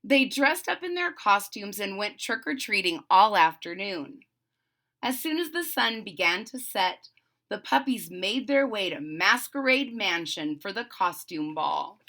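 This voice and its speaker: A woman reading a children's picture book aloud as a channel host, pausing to explain the pictures. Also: fairly low pitch, gravelly. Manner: slow, gently explaining the pictures. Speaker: storybook read-aloud host.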